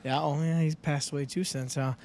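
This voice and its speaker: A man's voice: fairly high pitch, steady tone, a little fast, darkish tone. A man hosting a studio podcast, steering the chat with short prompts and easygoing agreement. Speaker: podcast host. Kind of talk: casual chat.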